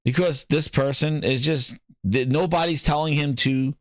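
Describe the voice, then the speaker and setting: A man's voice: on the high side, moderate pace, no echo, clean studio sound. A man hosting a gaming podcast, ranting in casual commentary and repeating his points. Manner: ranting, animated, repeats himself. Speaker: podcast host.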